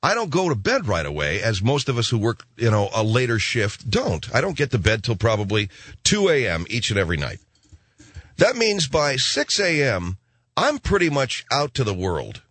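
Speaking at a normal speed with a husky, mid-range voice, a middle-aged late-night radio host spins a meandering tale packed with digressions. He performs the characters' voices with lively flair. The recording comes from a studio microphone in a radio studio, with no room sound.

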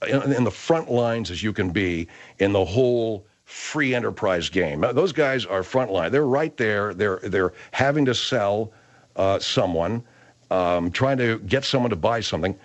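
A man hosting a comedy show, talking in a rambling, halting way. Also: on the low side, animated. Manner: rambling, halting, many fillers. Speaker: show host.

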